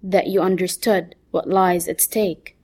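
A strict middle-aged mother speaks in a calm, steady, unhurried voice, read by a woman. Her tone stays firm and measured, set a little low. Every word lands slowly and deliberately. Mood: stern. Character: stern, controlled middle-aged mother lecturing her son.

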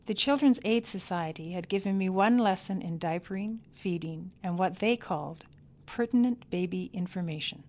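Measured woman reading her memoir. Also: mid-range voice, a little mellow. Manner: measured, deliberate, dry understatement. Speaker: memoir narrator.

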